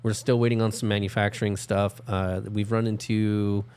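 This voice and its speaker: A man co-hosting a casual podcast chat, laughing easily and giving company updates with halting pauses. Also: fairly low pitch, flat delivery, darkish tone, slight background noise. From desert region of the US. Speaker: co-host.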